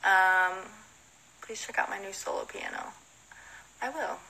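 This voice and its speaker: A young woman with a Southern American accent chats casually into her phone during a livestream Q&A. Her voice is bright and clear, at an average pitch. She reads each question aloud, then answers in a loose, giggly way. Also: wildly swooping pitch, a little slow, a little hiss or hum, rough recording. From Southern United States. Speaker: model and musician answering fan questions.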